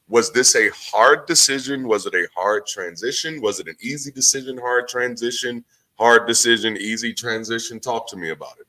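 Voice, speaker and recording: A man hosting a live group discussion, enthusiastic and quick to laugh. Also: fairly low pitch, sharp tone, rough recording. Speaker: host.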